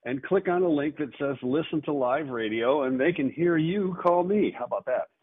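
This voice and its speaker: A man hosting a call-in radio show as an auctioneer, with brisk, salesy patter. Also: expressive. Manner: salesy, rapid pitch with repeated phone number. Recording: husky voice over a tinny phone-like radio line.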